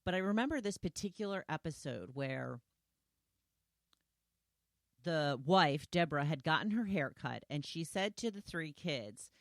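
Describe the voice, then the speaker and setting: A woman's voice: deep voice, animated, measured pace, no echo, studio quality. A woman hosting a solo podcast, talking conversationally and retelling scenes with quoted lines. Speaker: podcast host.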